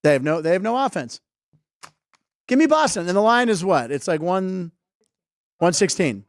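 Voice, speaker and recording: A man's voice: sits high, big pitch swings, no room sound, studio quality. A man hosting a comedy sports betting show, chatting casually and joking around. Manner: jokey, quick to laugh. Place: casino studio.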